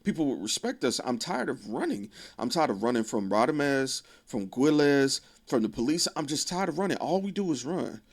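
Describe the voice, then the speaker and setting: A man's voice: medium pitch, very animated, normal speed, hardly any pauses, voice pushed up. A man voicing a frustrated teenage boy who is tired of running and craves respect, sounding bitter and pleading.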